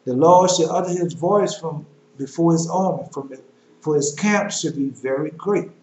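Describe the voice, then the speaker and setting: A man preaching a sermon, reading scripture aloud in a measured cadence and breaking off into loose talk with fillers. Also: a little high, darkish tone, roomy sound, slight background noise, poor audio.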